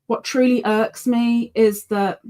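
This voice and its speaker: Her voice is on the high side and warm, with fairly even intonation and an unhurried delivery. Running a relaxed live yarn channel from Britain, she wanders through her chat with plenty of fillers and false starts, pausing to coo at her pet in baby talk.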